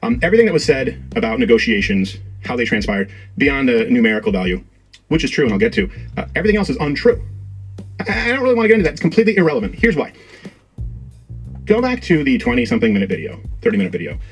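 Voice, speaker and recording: A man's voice: medium pitch, sing-song, fast talker, breathy edge, faint music behind. A man speaking in a video monologue, emphatic and impassioned as he makes his case.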